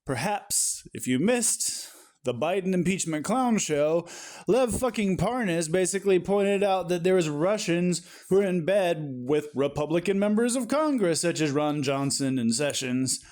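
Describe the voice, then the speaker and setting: A man's voice: high-pitched, animated, a little slow, darkish tone. Furious, profane political ranter, man. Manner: profane, exasperated, ranting. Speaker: political commentator. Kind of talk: angry political rant.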